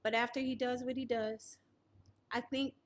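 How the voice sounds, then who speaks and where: A woman tells her survival story as a guest in a personal testimony interview, narrating earnestly and acting out what other people said. Her voice is a little high with little pitch movement, at a normal speed.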